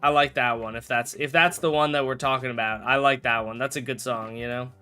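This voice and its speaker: A man's voice: mid-range voice, steady tone, brisk, pushed and bright, clear, resonant tone, soft background music. A young man chatting casually on a live stream while playing a game, rambling, correcting himself and joking with chat. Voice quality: rambling, self-correcting, jokey.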